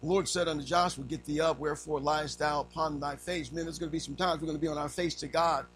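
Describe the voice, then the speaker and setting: A man preaching a sermon to fathers and families, swinging from low, quiet lines to raised cries. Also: fairly even intonation, fast, faint music behind, low-quality recording. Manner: preaching with sweeping pitch swings, rising to cries. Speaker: pastor.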